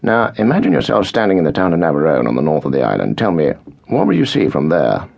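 A man reads a grave senior British officer who speaks in measured, authoritative tones. The voice is very deep and gravelly, and the audiobook recording is dull. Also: wildly swooping pitch, darkish tone, heavily acted.

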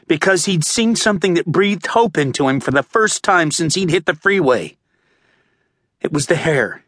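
A male audiobook narrator reading a thriller in a tense, measured way, close to the mic. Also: a little high, fairly bright tone, dry recording. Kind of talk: scripted narration. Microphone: close studio mic. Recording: dry close-miked studio.

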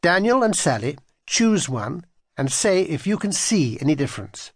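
A man's voice: on the high side, very animated, normal speed, husky, dry recording, studio quality, full character voice. A man voicing a weary but firm mother in a children's audiobook, speaking in a commanding way.

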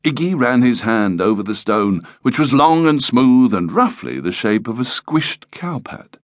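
A man's voice: medium pitch, big pitch swings, unhurried, no room sound, clean studio sound. A man narrating a children's audiobook in a playful, lightly comic storytelling manner.

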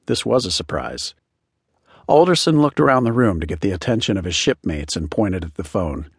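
A male audiobook narrator with a low, husky voice. He reads in a steady, measured way, and his intonation stays lively. The studio recording is close and completely dry. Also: no echo. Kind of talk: scripted narration.

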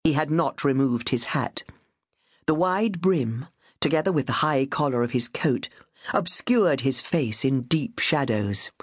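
A woman narrating a period novel as an audiobook, in a measured, dramatic storytelling manner. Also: extremely low pitch, expressive, husky, no room sound, studio quality. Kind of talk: scripted narration.

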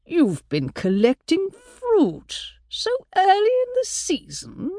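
A woman narrator voicing a courteous middle-aged gentleman painter in an audiobook, with gentle, measured politeness. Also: very high-pitched, wildly swooping pitch, no room sound, pitched above the performer's own voice, exaggerated voice. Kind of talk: audiobook character voice.

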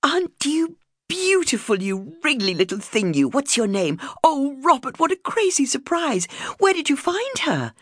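A woman voicing her younger, excited self in an audiobook, gushing and affectionate, her voice rising high. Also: moderate pace, slightly rough, dry recording, studio quality, heavily acted. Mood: delighted. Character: delighted wife, excitable and affectionate.

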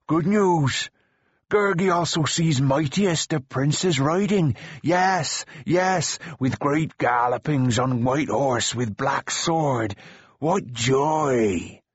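A man's voice: fairly high pitch, takes it slowly, husky, dry recording, dull audio, pitched above the performer's own voice. A man voicing a hairy wild creature that talks of himself by name in broken, wailing speech, eager and anxious, in an audiobook. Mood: excited wailing.

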